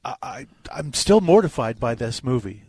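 A man's voice: medium pitch, animated, normal speed, warm tone, slightly rough, no room sound. A man co-hosting a radio show, talking movies in an easygoing, casual chat. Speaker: radio co-host and movie critic.

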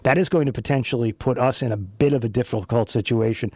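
A man hosting a talk radio show, chatting loosely with a co-host, animated and rambling with frequent restarts. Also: mid-range voice, fast, no echo. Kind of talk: casual talk radio chat. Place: radio studio. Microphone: studio microphone.

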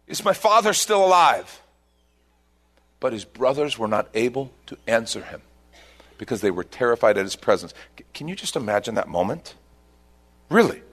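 A man preaching a sermon, retelling a scripture story and leaping up in pitch at its dramatic turns. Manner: animated storytelling, voice rising sharply at dramatic points. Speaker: pastor.

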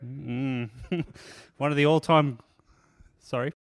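Brief: unhurried male podcast host, relaxed and chuckling. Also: mid-range voice, no room sound. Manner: laid-back, laughing. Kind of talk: casual comedy podcast.

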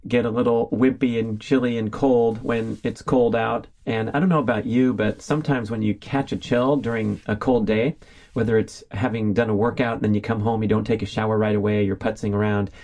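A man's voice: lowish voice, steady tone, a little fast, a little mellow. A middle-aged man from California hosting a solo podcast in an upbeat, chatty, enthusiastic way. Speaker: podcast host. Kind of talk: casual solo podcast monologue.

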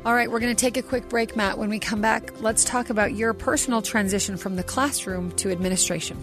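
A woman's voice: medium pitch, steady tone, brisk. A woman hosting a podcast interview, affirming and enthusiastic toward her guest. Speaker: podcast host. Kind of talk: casual interview chat. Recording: music playing underneath.

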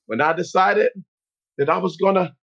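A man telling a personal story as a motivational talk, speaking slowly and earnestly with pauses. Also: high voice, vocal fry, fairly bright tone, lo-fi sound.

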